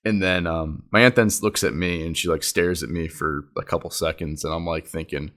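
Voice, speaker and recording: A man's voice: low voice, steady tone, brisk, fairly bright tone. A man casually telling a family story in a rambling way, full of "like" fillers.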